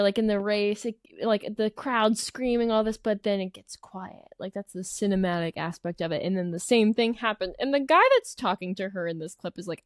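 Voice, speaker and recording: A young woman co-hosting a podcast, rambling in a loose, chatty way full of fillers and laughter. Her voice sits at a middling pitch and sounds close and dry. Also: dry recording. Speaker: podcast co-host. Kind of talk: casual chat. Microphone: podcast mic with mute button.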